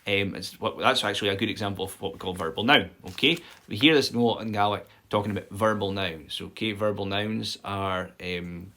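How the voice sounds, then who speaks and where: A man with a somewhat low voice teaches a loose, live-streamed language lesson. He talks in a chatty, explaining way and keeps checking in with his viewers. The sound comes from a simple home stream setup. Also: brisk, hardly any pauses, bright, forceful tone. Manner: chatty and explanatory, many "okay?" check-ins and filler "um"s. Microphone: phone or built-in mic.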